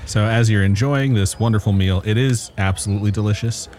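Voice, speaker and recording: A man's voice: on the low side, fairly quick, darkish tone, slight background noise. A man narrating as game master in a casual, joking manner, swearing now and then.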